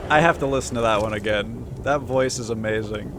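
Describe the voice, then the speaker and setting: A young man streaming a horror game, reacting in jokey, sarcastic, animated chat. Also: mid-range voice, a little fast, background noise. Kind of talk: casual gaming livestream commentary.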